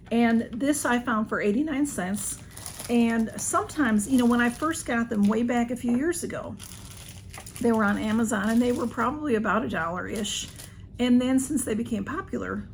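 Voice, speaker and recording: A woman chatting through a shopping haul at home, rambling and a little hoarse. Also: fairly high pitch, slight background noise. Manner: chatty, rambling, talks to her cats. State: slightly hoarse. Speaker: vlogger reviewing a shopping haul. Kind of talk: casual haul video chat.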